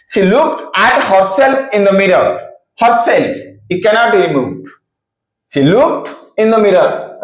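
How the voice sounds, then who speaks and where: A man teaching grammar, who repeats key phrases and answers his own questions. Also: high voice. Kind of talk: slow explanatory lesson. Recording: echoey room.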